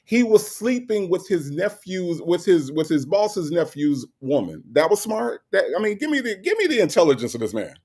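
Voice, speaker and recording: A man's voice: high-pitched, big pitch swings, normal speed, hardly any pauses, darkish tone. A man co-hosting a podcast in casual chat, making his case emphatically and hammering the same point again and again. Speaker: podcast co-host.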